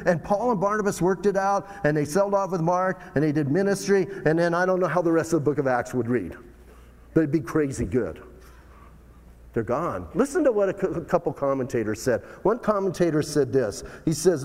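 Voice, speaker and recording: A man preaching a sermon as pastor, animated, full of rhetorical questions and big swings in tone. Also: fairly high pitch, a little fast, big-room sound.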